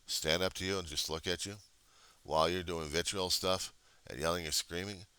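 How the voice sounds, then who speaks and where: A man's voice: deep voice, fairly even intonation, normal speed, bright, forceful tone, smooth, no room sound. A man in casual chat who talks bluntly and sarcastically, with plenty of profanity.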